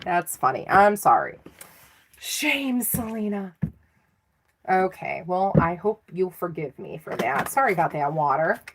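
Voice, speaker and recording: A woman's voice: fairly low pitch, big pitch swings, normal speed, hardly any pauses, background noise. A middle-aged woman giving a live tarot reading in a chatty, self-teasing way, laughing often. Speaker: tarot reader.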